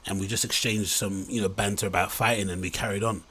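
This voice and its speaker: Male host, husky voice, incredulous rambling reaction commentary. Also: lowish voice, fairly even intonation, fast talker, pushed and bright. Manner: incredulous, rambling, mock-enthusiastic.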